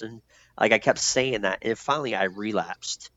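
A man's voice: on the low side, animated, a little fast, a bit bright. A man speaking candidly about his past in a loose, profane way, with many fillers and restarts. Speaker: guest telling his recovery story. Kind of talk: candid conversational storytelling. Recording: dull lo-fi sound.

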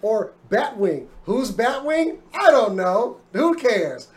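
A man in his thirties hosts a podcast of casual chat, rambling and joking, and he often stops to restart his sentences. His voice is very high and sing-song, and he speaks slowly.

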